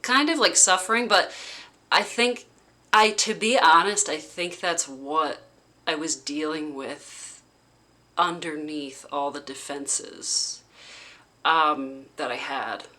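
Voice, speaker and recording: Woman vlogger, unhurried and halting, crisp bright tone, casual storytelling. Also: low voice. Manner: halting, heavy with "like" fillers. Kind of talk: casual personal recounting.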